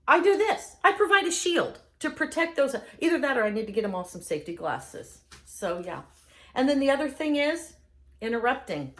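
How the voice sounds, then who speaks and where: A middle-aged woman chatting casually as host, an enthusiastic and animated storyteller. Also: high-pitched. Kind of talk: casual chat.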